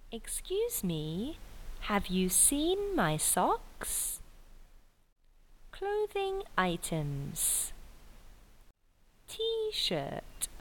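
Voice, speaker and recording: A woman reads everyday English phrases for learners at a very slow pace. Her intonation swings widely from phrase to phrase, and every word is spoken clearly. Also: medium pitch, slight background noise, rough recording. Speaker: English teacher. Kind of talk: slow scripted phrase reading.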